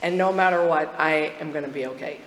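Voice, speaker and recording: A woman's voice: sits low, a little fast, fairly bright tone. Woman sharing her story in an echoey hall. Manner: candid, chatty, laughs often, restarts sentences. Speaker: recovery meeting speaker. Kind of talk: personal testimony at a twelve-step meeting. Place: meeting hall. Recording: echoey hall, faint background noise.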